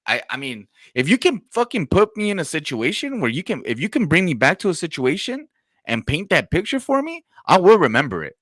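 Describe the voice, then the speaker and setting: A man's voice: fairly high pitch, wildly swooping pitch, brisk, a bit bright, no echo. A man hosting a podcast in casual chat, telling stories in slang and swearing, and acting out quotes. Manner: slangy, profane storytelling with acted-out quotes. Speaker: podcast host.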